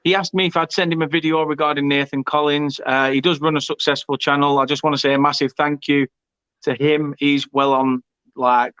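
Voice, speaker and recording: A man hosts a football watchalong in casual stream chat. He reads viewer comments aloud and throws in jokes. His voice sits a bit high and smooth, recorded close and dry, with a muffled lo-fi stream quality. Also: little pitch movement, a little fast, fairly bright tone, dry recording. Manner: chatty, jokey, stumbles and repeats words. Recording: dull lo-fi stream audio.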